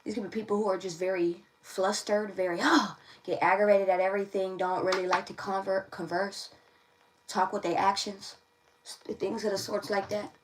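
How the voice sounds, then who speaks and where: A woman's voice: medium pitch, little pitch movement, normal speed, background noise. Chatty woman reading tarot, distant mic. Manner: chatty, repeats phrases, laughs often. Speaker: tarot reader. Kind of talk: casual livestream tarot reading.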